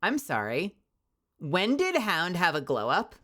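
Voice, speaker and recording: A woman's voice: fairly low pitch, wildly swooping pitch, measured pace, fairly bright tone. A young woman streaming casually, bubbly and rambling, often laughing. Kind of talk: casual livestream chat.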